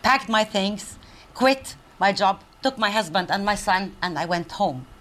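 An older woman from Palestine giving a public speech, conversational and animated, with pauses and fillers. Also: medium pitch, slight background noise. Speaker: guest speaker, professor.

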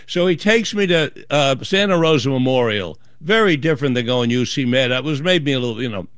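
This author, appearing as an interview guest, spins a tale in a brisk, smooth, mid-range voice, performing the lines of the other characters with lively flair. It's a dry, studio-quality recording.

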